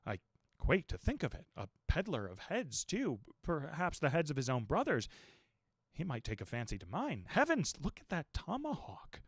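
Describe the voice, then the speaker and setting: A man narrates a classic novel with expressive, animated storytelling. His voice sits at a middle pitch but swings up and down with life, and the recording sounds dry and close. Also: normal speed, slightly rough, no echo. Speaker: audiobook narrator. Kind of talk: dramatic reading of a classic novel.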